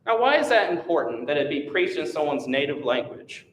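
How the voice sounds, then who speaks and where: A man's voice: big pitch swings, a little fast, a bit bright. A man who is a missionary gives a church class presentation, teaching in an earnest, emphatic way. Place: church meeting room. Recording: echoey church hall from far off, faint rumble.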